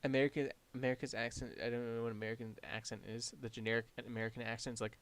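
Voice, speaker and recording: Young Canadian guy, light accent, deadpan and wry, casual stream banter. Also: medium pitch, rapid-fire, few pauses, smooth, no echo. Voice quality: flat, deadpan delivery. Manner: wry, sarcastic reactions. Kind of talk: casual gaming stream chat.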